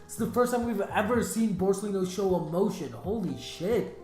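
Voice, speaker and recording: A woman streamer reading manga aloud on a live stream, excitable and casually swearing, recorded in an echoey room. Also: mid-range voice, moderate pace, soft background music.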